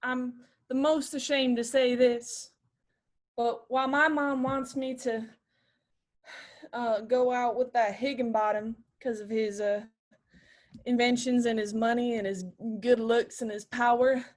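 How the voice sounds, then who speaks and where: A woman improvising a flustered young woman who has been pretending to be posh and rich, halting and confessional. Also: fairly high pitch, steady tone, natural voice. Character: poor young woman faking being posh. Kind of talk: improv comedy scene. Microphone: video call.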